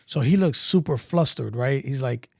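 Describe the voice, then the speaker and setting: Gravelly New man telling stories. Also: mid-range voice, normal speed, no room sound, clean studio sound. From Brooklyn, New York. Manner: animated, acts out dialogue, many likes. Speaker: guest, veteran. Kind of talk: casual storytelling.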